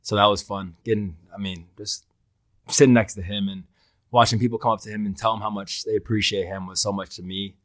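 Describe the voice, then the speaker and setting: A young man co-hosting a podcast speaks in a low voice, sounding earnest and emotional as he tells a story full of fillers and "bro". The recording is dry and close, with no room sound. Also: fairly even intonation, brisk, a bit bright, dry recording. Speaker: podcast co-host. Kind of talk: casual podcast chat.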